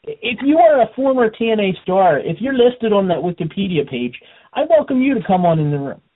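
A man hosting a wrestling radio talk show, energetic and quick to laugh. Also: high voice, breathy edge. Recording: phone-like radio audio.

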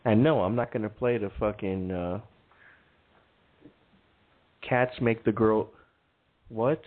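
A man's voice: on the low side, takes it slowly. A man hosting a comedy podcast, rambling and joking with plenty of swearing. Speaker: podcast host. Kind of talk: casual comedic rant. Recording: phone-like lo-fi with faint music.

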